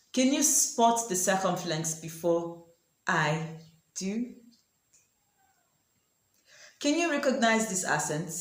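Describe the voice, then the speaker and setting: Slow-talking woman teaching in an echoey room. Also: lowish voice, a bit bright. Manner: asks the viewer questions and repeats example words slowly. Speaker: French teacher. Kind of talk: language lesson explaining pronunciation.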